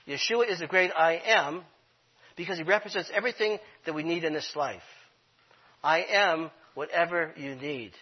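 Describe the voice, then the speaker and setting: Husky-voiced man preaching a sermon. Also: a little high, moderate pace. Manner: earnest, repeats key phrases for emphasis. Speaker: congregation leader. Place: congregation room. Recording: dull lo-fi sermon recording.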